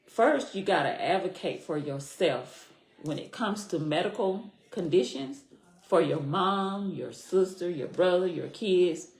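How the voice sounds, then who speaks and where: A middle-aged woman with a very low, deep, darkish voice tells her own story as a podcast guest, speaking at a measured pace with lively intonation. She is earnest and heartfelt, repeating key phrases for weight, and the room gives the sound a noticeable echo.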